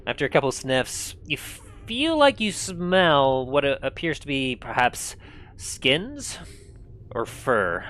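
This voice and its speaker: A man narrating as game master of a tabletop role-playing game, setting scenes in an unhurried, descriptive way. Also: medium pitch, sing-song, a bit bright.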